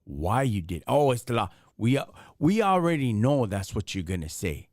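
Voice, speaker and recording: A man hosts a casual live stream in a lively, swooping voice. He talks in street slang and presses with one rhetorical question after another. The sound is close and dry. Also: medium pitch, normal speed, no room sound.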